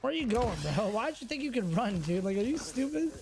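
High-voiced taunting male gamer. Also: very animated, quick pace. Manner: taunting, swaggering, repeats lines, mock-menacing. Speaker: streamer. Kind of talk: trash-talking gameplay commentary.

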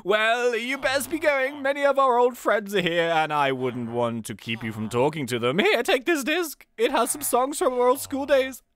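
A woman voicing a posh, genial knighted gentleman in a game, reading his lines theatrically. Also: fairly high pitch, moderate pace, hardly any pauses, voice pushed up, lightly acted.

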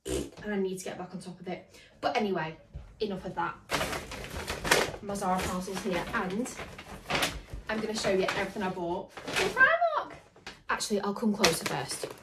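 A woman's voice: medium pitch, a bit bright, a little hiss or hum. A young woman chatting casually to her camera as a vlogger, rambling with lots of "like" and "literally". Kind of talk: casual vlog chat. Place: outdoors on a dog walk, then at home indoors.

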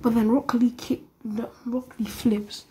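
A young woman casually retelling a fan-fiction story as a YouTuber, rambling in a soft, whispery way. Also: on the high side, level tone, measured pace, slight background noise.

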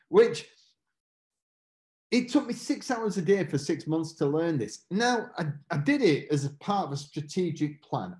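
A middle-aged British man with a fairly high yet darkish-toned voice gives a chatty motivational talk. He pokes fun at himself and acts out quotes from his own story, speaking with a British English accent.

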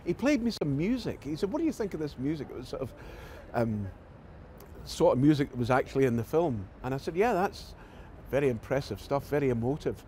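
This Scottish man speaks fairly quickly in a mid-range voice with a Glasgow accent, an actor guest telling interview anecdotes and vividly acting out the voices within them. Slight background noise is audible.

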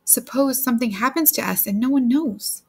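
A woman's voice: fairly high pitch, normal speed, vocal fry, a little mellow, slightly rough, voice pushed up. A pleading, distressed wife, voiced by a woman.

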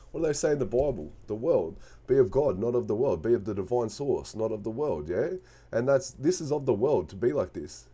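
A man's voice: mid-range voice, warm tone, husky. A man giving a casual spoken tarot reading, earnest and encouraging, repeating himself and restarting phrases. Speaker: tarot reader.

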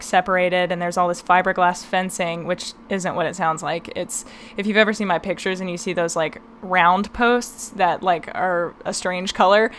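A young woman hosts a podcast, telling a story in a chatty, casual way, laughing often and sprinkling in "um" and "like". Her voice is fairly low and a bit bright, with slight background noise.

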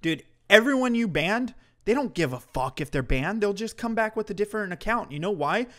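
A man's voice: high voice, lively intonation, brisk, a bit bright. A man streaming commentary to his chat, ranting in a heated, mocking way with heavy swearing.

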